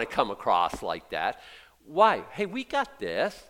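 A middle-aged male pastor preaching a sermon, animated and emphatic, dropping to hushed asides and rising to loud bursts. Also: medium pitch, a little slow.

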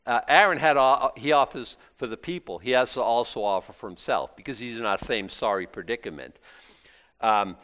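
This middle-aged pastor has a mid-range, fairly bright voice and keeps a moderate pace. His sermon feels relaxed and conversational, sprinkled with acted-out asides and occasional laughter.

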